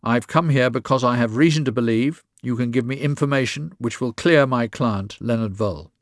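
A cool, methodical lawyer who speaks sternly and evenly, as read by a male narrator. The delivery is measured and controlled. The recording is dry and close. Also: medium pitch, no room sound, close to an everyday voice.

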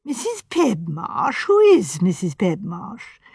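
Vague young actress, light, naive, raised pitch, read by a woman. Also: very animated, normal speed, no echo, clean studio sound.

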